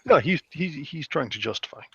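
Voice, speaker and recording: A man's voice: on the high side, expressive, brisk, gravelly, pushed and bright, husky. A man in a casual group chat who talks bluntly and swears freely. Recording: dull, lo-fi mic.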